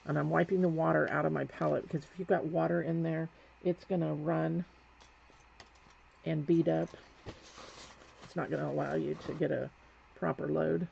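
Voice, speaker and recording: A woman's voice: deep voice, flat delivery, normal speed, gravelly, pauses often, darkish tone. A woman giving a live painting demonstration, chatting as she works and correcting herself as she goes. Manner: chatty, talks while working, self-correcting. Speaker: painting instructor. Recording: dull lo-fi sound with faint background noise.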